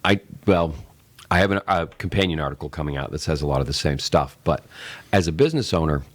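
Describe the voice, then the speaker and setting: A middle-aged man with a very low voice talks through an idea on a casual podcast. He rambles and restarts, acting out little sales pitches as he goes. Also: expressive, fast. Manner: rambling, explains with acted-out sales examples. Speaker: tech show co-host.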